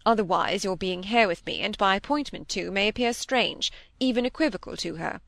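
A woman reading an insistent young gentleman suitor. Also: mid-range voice, a little fast, creaky, dry recording. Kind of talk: audiobook character reading.

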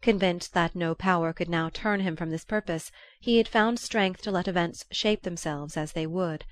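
A woman narrating a classic novel aloud in a measured, even storytelling manner. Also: on the low side, dry recording. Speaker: audiobook reader. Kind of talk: scripted narration.

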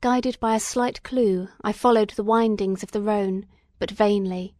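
A woman narrates a classic novel for an audiobook in a solemn, measured way. Her voice sits at a middling pitch, and the recording is dry with no room echo. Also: steady tone, dark tone. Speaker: audiobook reader. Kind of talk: scripted narration.

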